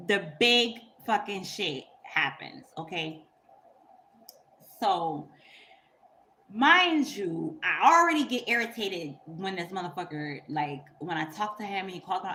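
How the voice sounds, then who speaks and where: Blunt, animated woman telling a story. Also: fairly low pitch, a little hiss or hum. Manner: blunt and profane, emphatic; animated, laughs through her story. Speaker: YouTuber. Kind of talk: casual storytelling monologue.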